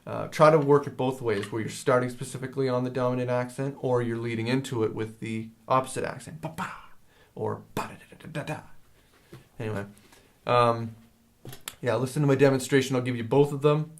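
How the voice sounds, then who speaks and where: A man teaching a drum lesson in a casual, rambling way, hesitating and filling pauses as he explains. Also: mid-range voice, fairly even intonation. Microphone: handheld field recorder.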